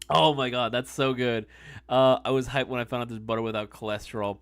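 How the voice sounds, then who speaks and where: A man's voice: mid-range voice, level tone, fast talker, clear, resonant tone, soft background music. A man in his thirties chatting casually on a live stream, reading the chat, laughing often and calling people "bro" and "dude.".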